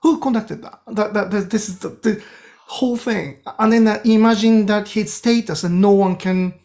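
Gravelly-voiced Japanese man telling stories. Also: high voice, normal speed. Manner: animated, many restarts, laughs while telling stories. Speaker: guest composer. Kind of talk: casual interview storytelling.

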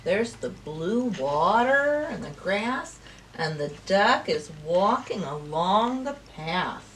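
A woman telling a rhyming story at circle time for preschoolers, slow and expressive, dropping to whispers and rising to calls. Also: medium pitch, far from the mic, a little hiss or hum. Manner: slow, sing-song and expressive, with big swings between whispers and calls. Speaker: preschool teacher.

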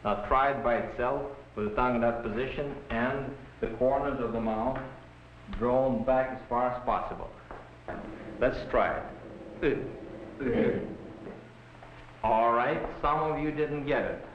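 A male language professor giving a patient, deliberate pronunciation lecture to a class. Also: medium pitch, slight background noise. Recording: muffled roomy 1960s film soundtrack.

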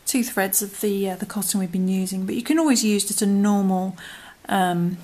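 A woman's voice: mid-range voice, normal speed, warm tone. A British woman hosting a crochet tutorial, talking casually through each step and sometimes dropping to a murmur as she works. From United Kingdom. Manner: chatty, often trailing into murmurs and whispers while working.

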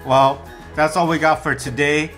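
A man's voice: a little high, little pitch movement, normal speed, a bit bright, soft background music. Playful young father vlogging. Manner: playful, teasing. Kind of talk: casual family vlog.

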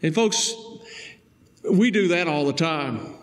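A male preacher, delivering a sermon with emphatic rising stresses and slow, deliberate key phrases. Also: fairly high pitch, lively intonation.

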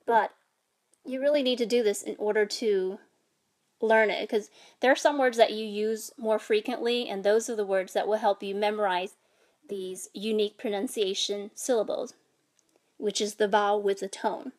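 A woman's voice: medium pitch, fairly even intonation, moderate pace, a little mellow. A woman teaching a language lesson, patiently explaining and sounding out vowels and tones. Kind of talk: instructional explanation.

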